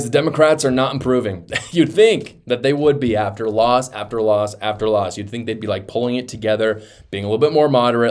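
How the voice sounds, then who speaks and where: Guy doing political reaction commentary, worked up and disbelieving, laughs as he goes, mid-range voice. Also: mid-range voice. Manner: animated, incredulous, laughs mid-sentence.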